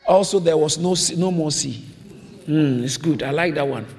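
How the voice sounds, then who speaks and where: A man's voice: fairly high pitch, moderate pace, a little mellow. A man preaching a sermon, emphatic and repetitive, calling on the congregation to repeat his lines. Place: church hall. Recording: long reverb of a large hall.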